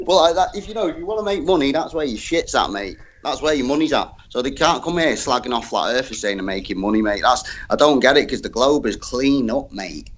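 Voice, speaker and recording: A man talking as a guest on a live chat panel, animated, slangy and full of swearing. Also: medium pitch, a little fast, few pauses. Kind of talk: casual chat.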